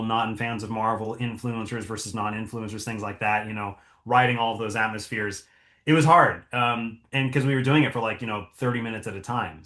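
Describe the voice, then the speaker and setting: A man's voice: mid-range voice, a bit bright. Male voice actor, reflective and chatty, filler-heavy; room echo on the recording. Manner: thoughtful, rambling with many fillers. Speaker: voice actor guest. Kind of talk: casual interview talk. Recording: echoey room.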